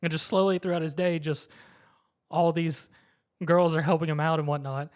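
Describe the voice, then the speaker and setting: A man recapping an anime episode in casual chat, lively and quick to laugh, acting out the characters' lines. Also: a little high. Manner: animated retelling, acts out characters' lines, laughs often. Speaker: podcast co-host.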